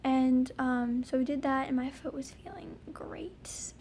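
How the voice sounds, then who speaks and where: A woman's voice: high-pitched, steady tone, unhurried, a little mellow, slight background noise. A young woman telling a personal story in a casual vlog, rambling with lots of ums and likes. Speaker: vlogger.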